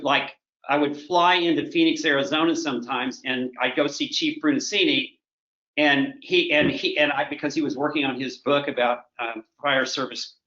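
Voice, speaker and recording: A retired corporate director from Oklahoma, a man in his sixties, rambles through long stories as a guest, halting often with restarts and fillers. His mid-range voice has a sharp tone, and the remote recording sounds roomy and slightly dull.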